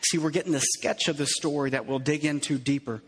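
A man's voice: a little high, fairly even intonation, brisk, slightly rough, in a large hall. A man preaching a sermon as a pastor, earnest, repeating phrases for emphasis, in a church.

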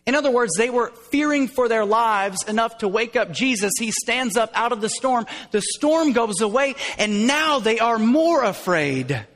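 A man preaching a sermon, explaining scripture in an animated way and dropping to hushed tones as he acts out quoted lines. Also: very high voice, normal speed, few pauses, in a large hall. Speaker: pastor.

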